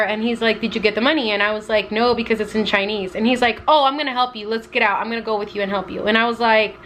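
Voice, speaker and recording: Young woman, travel vlogger, animated storyteller, bright and somewhat high voice, faint noise behind. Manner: animated, acts out quotes with lots of "like". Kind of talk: casual storytelling to camera.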